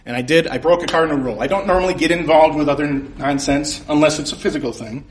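A man's voice: a little high, quick pace, a little hiss or hum. A man telling a comic, self-mocking story on stage at a convention, laughing at his own jokes. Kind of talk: live comedic storytelling. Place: convention stage before a live audience.

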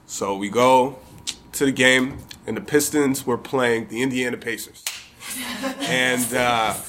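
Bright-voiced man telling a story. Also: medium pitch, fairly even intonation, slow, slight background noise. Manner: conversational, profane, amused. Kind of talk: live personal storytelling.

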